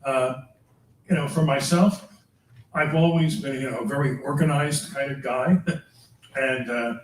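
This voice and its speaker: An older man, a priest, lecturing teachers in a chatty way, chuckling often and tagging his points with quick questions to the room. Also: medium pitch, steady tone, slight background noise. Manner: chatty, chuckling, tags remarks with "all right?". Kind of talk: lecture with personal anecdotes. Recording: echoey room, mic far off.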